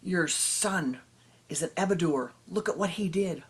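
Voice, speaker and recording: A woman's voice: on the low side, measured pace, husky. A woman voicing indignant villagers hurling accusations. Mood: accusing.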